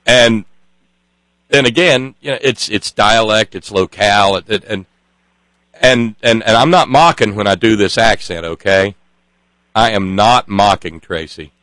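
Give me a man telling a story in a casual chat, halting and restarting, with a dry sound. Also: fairly low pitch, a bit bright, no room sound, low-quality recording. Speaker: co-host.

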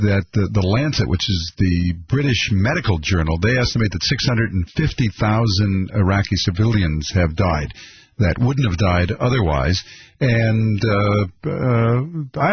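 Low-voiced male radio talk host. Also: muffled recording. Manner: rambling, halting, many fillers. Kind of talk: call-in radio chat.

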